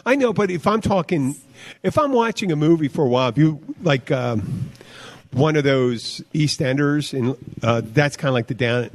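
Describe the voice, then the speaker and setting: A man's voice: a little high, lively intonation, moderate pace. Rambling man co-hosting a podcast. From United States. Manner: rambling, trails off with fillers. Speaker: podcast co-host. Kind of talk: casual chat.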